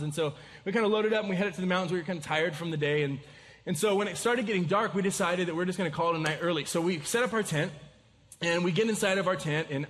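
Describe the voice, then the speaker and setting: High-voiced pastor in a reverberant hall. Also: male voice. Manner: storytelling, animated, many restarts and fillers. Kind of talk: sermon.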